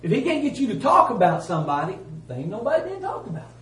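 A man preaching a sermon in a folksy, emphatic way, swinging from loud to hushed. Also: very high voice, wildly swooping pitch, fast talker. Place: church. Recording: roomy church sound from a distance.

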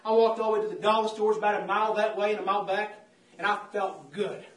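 A man's voice: high-pitched, fairly even intonation, fast talker, slight background noise. A man preaching a fervent, repetitive sermon, calling out to the congregation. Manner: fervent, repetitive, calls out "saints of God". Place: church. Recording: roomy church from a distance.

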